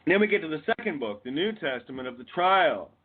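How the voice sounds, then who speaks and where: A man's voice: a little high, very animated, brisk, slightly rough. A man with a Canadian accent, a guest on a call-in radio show, ranting and swearing with bursts of laughter. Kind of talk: rambling profane rant. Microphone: phone or call line. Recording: tinny phone-line audio.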